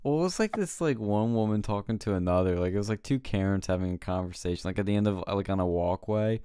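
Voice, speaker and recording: Male co-host, lowish smooth voice, dry close sound, animated storyteller. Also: fast, no echo. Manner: animated storytelling, laughing, mimicking people. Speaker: podcast co-host. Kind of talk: casual chat.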